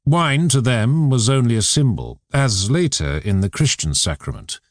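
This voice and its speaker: In clean, dry studio audio, a man with a mid-range voice reads a philosophy book aloud as an audiobook narrator. His scripted delivery is measured and expressive.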